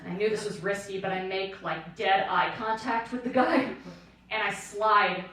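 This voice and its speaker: A woman in her late twenties performing a stand-up set, telling self-deprecating stories in an animated way. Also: medium pitch, normal speed. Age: late 20s. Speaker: stand-up comedian. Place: comedy club stage with audience laughter. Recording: echoey room, distant mic, audible noise.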